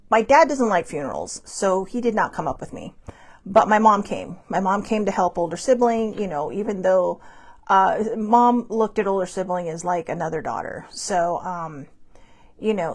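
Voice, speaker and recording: This live-stream host is a woman with a creaky, medium-pitched voice, picked up by a phone or webcam. She chats on in a loose, rambling monologue, upbeat and blunt, laughing a lot.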